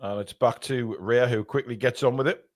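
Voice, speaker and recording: A man commentating live on a match for fans, excitable, shouting when play heats up and swearing in jokey banter. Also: medium pitch, a little fast. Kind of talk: fan watchalong commentary.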